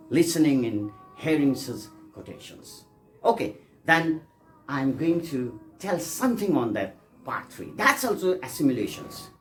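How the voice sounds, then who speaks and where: A man teaching an English pronunciation lesson, repeating examples and coaxing his students, often checking they follow. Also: on the high side. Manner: repetitive, coaxing, with frequent checks for understanding.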